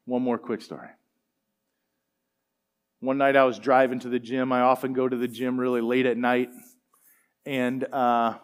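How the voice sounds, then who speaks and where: A man's voice: mid-range voice, clear, resonant tone. Man telling a casual sermon story. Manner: conversational, animated storytelling with fillers. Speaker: pastor.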